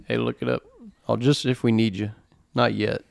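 A man's voice: mid-range voice, flat delivery, moderate pace, vocal fry, a little mellow. A young man in casual podcast chat, teasing the others with crude jokes.

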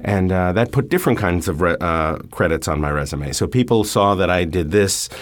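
A middle-aged man, a stage actor speaking as a guest in a relaxed interview, thoughtful and full of pauses and fillers. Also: sits low. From New York.

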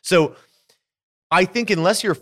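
Animated Philadelphia man, dry close mic. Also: high-pitched, measured pace, no echo. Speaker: actor and podcast guest. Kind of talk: casual interview chat.

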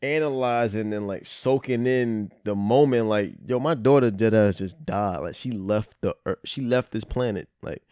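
Young man, low voice, laid-back slangy chat, dry close sound. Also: normal speed, few pauses, darkish tone, clear, resonant tone, dry recording. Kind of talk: casual chat.

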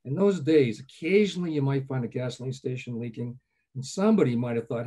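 An older man speaks quickly in a mellow, husky voice, and he tells chatty anecdotes as an interview guest. He keeps dropping little "okay?" checks into his talk. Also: medium pitch, big pitch swings. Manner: chatty, anecdotal, frequent "okay?" asides, chuckles often. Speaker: guest, groundwater professor. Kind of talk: relaxed storytelling interview.

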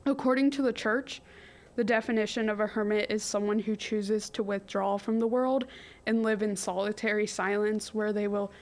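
A woman's voice: medium pitch, steady tone, normal speed. A young woman co-hosting a casual history podcast, reading from her notes with jokey asides and giggles. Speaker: podcast co-host.

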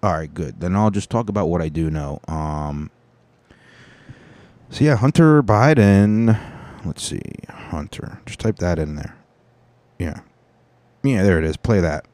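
Deep-voiced rambling podcast host, a man. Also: animated, a little slow, long pauses, a little mellow, no echo. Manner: rambling, profane, joking. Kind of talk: casual chat.

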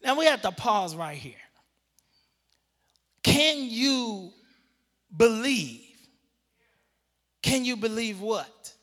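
A man preaching a sermon, drawing words out for emphasis and building up to shouts. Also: very high-pitched, expressive, drawn-out words, pauses often, big-room sound.

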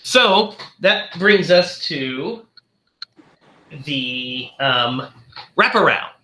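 A man's voice: on the high side, expressive, sharp tone, reverberant. A man hosting a podcast in casual chat, enthusiastic and chatty. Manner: enthusiastic, chatty, retells scenes with quick voices. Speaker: podcast host.

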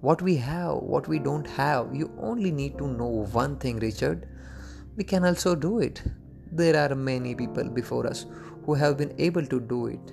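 Gravelly-voiced man telling a motivational story. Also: medium pitch, normal speed, over music. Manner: earnest, simple phrasing with frequent repetition. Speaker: podcast host and storyteller.

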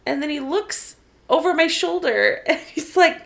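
High, lively young woman with vocal fry. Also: a little slow. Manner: self-mocking, giggly storytelling. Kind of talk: casual chat.

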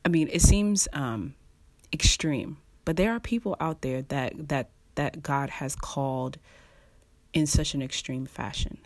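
A preacher giving casual devotional teaching, pausing often, repeating words and chuckling between thoughts. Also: medium pitch, no echo. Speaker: online preacher.

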